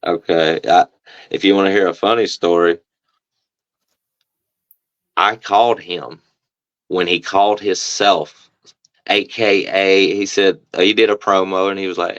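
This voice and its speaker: A man, a professional wrestler, talking casually in an interview and telling stories in a relaxed way, acting out other people's voices. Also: low-pitched, measured pace, long pauses, no echo, lo-fi sound. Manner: relaxed storyteller, acts out the other voices in quotes.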